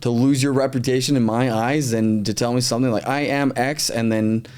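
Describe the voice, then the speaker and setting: A man with a medium-pitched voice hosts a casual podcast chat. He talks earnestly in an easy, conversational way. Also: steady tone, a little fast, darkish tone, smooth.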